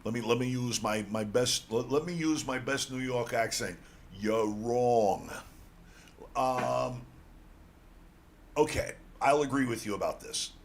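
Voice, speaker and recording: A man's voice: medium pitch, a little fast, few pauses, slight background noise. A man co-hosting a sports radio show, blunt and teasing as he argues over football picks. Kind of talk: casual sports betting talk.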